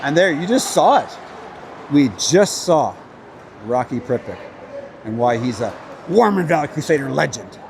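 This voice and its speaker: A man's voice: mid-range voice, big pitch swings, moderate pace, gravelly, pauses often, noisy background. A man casually calling an amateur hockey game on a livestream, chatty and openly cheering for his team. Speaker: play-by-play commentator. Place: at a rink with a crowd.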